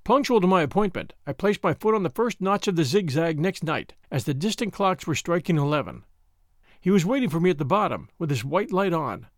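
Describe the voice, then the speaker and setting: Brief: male narrator for a spooky story show, measured expressive delivery, lively intonation. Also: high voice, no echo, studio quality. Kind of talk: dramatic story reading for a radio-style show.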